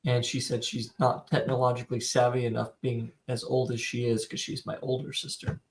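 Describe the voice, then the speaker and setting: A man's voice: mid-range voice, completely flat delivery, brisk. A man co-hosting a podcast in casual chat, easygoing and teasing his partner. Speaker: podcast co-host.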